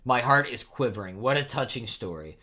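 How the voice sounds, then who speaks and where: Man reading cruel mocking knight, gloating, slow relishing delivery, middle pitch. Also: expressive, pushed and bright.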